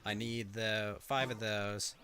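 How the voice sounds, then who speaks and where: A man's voice: fairly low pitch, steady tone, slow, bright, forceful tone, faint music behind. A man streaming a game, chatting casually in a wry, rambling way with offhand swearing. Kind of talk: casual gameplay commentary.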